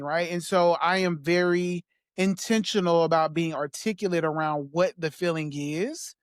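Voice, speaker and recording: A man as a podcast guest, talking in a soft, halting way with small laughs as he reflects on personal memories. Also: high voice, steady tone, clean tone, dry recording, clean studio sound.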